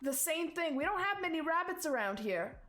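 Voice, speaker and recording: A woman voicing a frightened, grieving rabbit-folk mother who sobs out shrill, insistent accusations. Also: big pitch swings, fairly quick, fairly bright tone, exaggerated voice.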